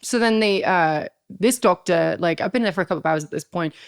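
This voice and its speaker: A woman in her thirties telling a story as a podcast guest, animated, swearing freely and acting out what others said. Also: lowish voice, fairly quick, creaky, smooth, dry recording, clean studio sound. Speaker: guest, pro wrestler.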